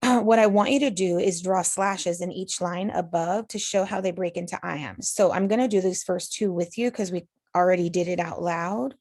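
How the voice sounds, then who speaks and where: A woman's voice: lowish voice, normal speed, hardly any pauses, a little mellow, no room sound, studio quality. A woman teacher patiently talking students through a recorded online lesson, step by step. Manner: patient, explanatory, talks students through steps.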